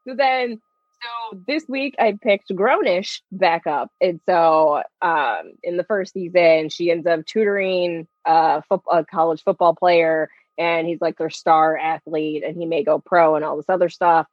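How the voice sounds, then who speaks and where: A woman's voice: fairly low pitch, steady tone, a little slow, no room sound, dull audio. A woman chatting casually on a podcast, retelling stories with lots of "like" and acted-out quotes. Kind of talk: casual chat.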